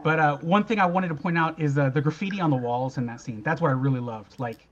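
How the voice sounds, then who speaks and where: A man's voice: on the high side, fast talker, muffled recording. A man co-hosting a casual fan discussion, pointing out details with lots of "like" and fillers. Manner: detail-focused, filler-heavy, uses "like" often. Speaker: co-host. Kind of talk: casual chat.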